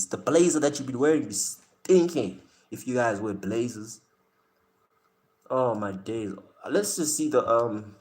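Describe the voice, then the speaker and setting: Slangy, joking man. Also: mid-range voice. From South Africa. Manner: slangy, joking, talks straight to chat, often laughs. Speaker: live-stream host reacting with chat. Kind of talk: casual live-stream chat.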